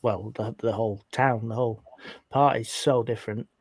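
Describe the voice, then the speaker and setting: A man's voice: mid-range voice, fairly even intonation, moderate pace, slightly rough, dry recording. A man with a northern English accent, a guest on a podcast call, chatting with trailing restarts. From England. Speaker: guest cryptid investigator. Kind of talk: casual podcast chat.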